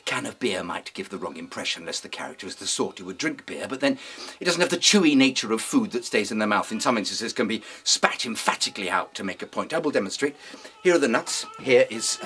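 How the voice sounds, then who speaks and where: A man giving an acting lesson in a pompous, deadpan, mock-serious way. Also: lowish voice, quick pace, breathy edge. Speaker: acting teacher. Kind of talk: mock-serious instructional talk.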